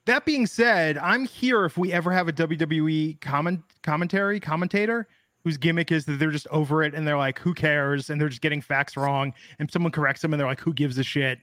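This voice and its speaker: A man's voice: on the high side, fairly quick, fairly bright tone, no echo. A man co-hosting a casual wrestling podcast, rambling with lots of fillers and wry jokes. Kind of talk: casual chat.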